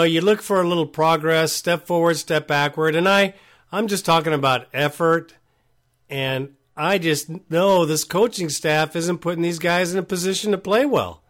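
Higher-voiced man hosting a call-in show. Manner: blunt, frank, casual. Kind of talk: call-in sports talk.

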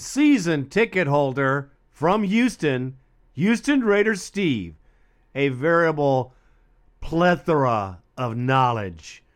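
A man's voice: mid-range voice, clean tone. A man hosting a fan call-in show, friendly and casual, calling people "bro". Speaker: host.

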